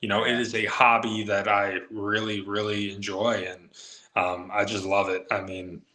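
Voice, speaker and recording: A man's voice: fairly low pitch, roomy sound, poor audio. A man on a live sports show, eagerly telling a long anecdote and acting out the quotes of the people in it. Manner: excited, fast anecdote-telling with acted quotes. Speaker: guest MMA reporter. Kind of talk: animated storytelling on a live show.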